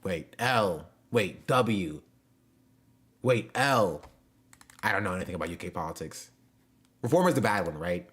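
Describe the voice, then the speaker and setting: A man's voice: low voice, animated, a little slow, long pauses, fairly bright tone. A young man chatting casually with his live-stream audience, joking and loose, full of slang and fillers. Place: home.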